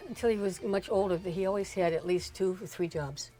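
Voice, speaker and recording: A woman's voice: medium pitch, brisk, warm tone, soft background music. An older woman, a mother, telling family stories in a chatty, rambling way with frequent laughs and asides. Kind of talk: casual storytelling chat.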